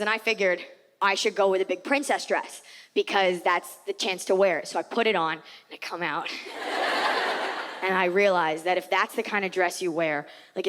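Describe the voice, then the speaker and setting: A woman comedian performing an animated, sarcastic stand-up set on a theater stage with a handheld mic. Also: medium pitch, normal speed, in a large hall, heavy background noise. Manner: animated, sarcastic, acts out voices.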